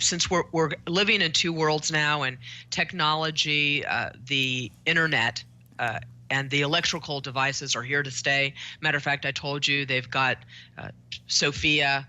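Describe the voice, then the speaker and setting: Woman, talk show guest therapist, earnest explaining, bright ringing voice. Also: very deep voice. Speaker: psychotherapist guest.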